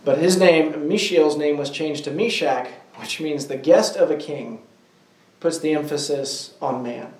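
Guy teaching a bible class in an echoey room, bit high voice, kinda far from the mic, keeps quizzing the group. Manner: asks the group questions, slows down to stress key words. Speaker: Bible study leader. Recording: roomy echo, voice from off-mic.

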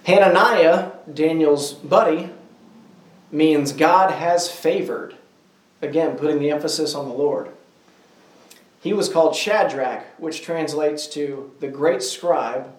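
A man leading a small group Bible study, asking the group questions and slowing down to stress key words. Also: on the high side, distant mic. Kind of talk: interactive Bible class teaching. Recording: roomy echo, voice from off-mic.

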